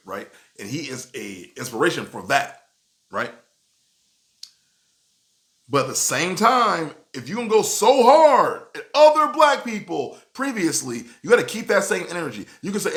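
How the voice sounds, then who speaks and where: A man giving casual, animated commentary in a video, often asking "you know what I'm saying". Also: medium pitch, moderate pace.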